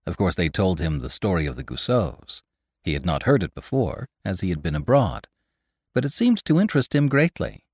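A man narrating a classic story in an expressive, scripted reading. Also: low-pitched, moderate pace, husky, dry recording, clean studio sound. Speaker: podcast narrator.

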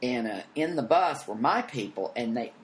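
A man telling stories as an interview guest, animated and profane, acting out every quote. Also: medium pitch, normal speed, slight background noise. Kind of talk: casual storytelling.

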